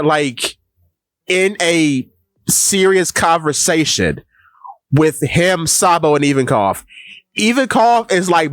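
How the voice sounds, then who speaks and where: A man co-hosting a casual podcast chat, animated and quick to break into loud mimicry. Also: fairly high pitch, no echo. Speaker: podcast co-host.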